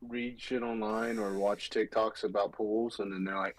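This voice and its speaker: A man's voice: on the low side, brisk, few pauses, no echo, rough recording. A man co-hosting a podcast, telling stories with a lot of life and jumping into customers' voices as he goes. His voice is dry and close, with no room sound around it. He talks in a loose, casual way. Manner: animated storyteller acting out customers' voices. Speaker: podcast co-host. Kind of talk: casual chat.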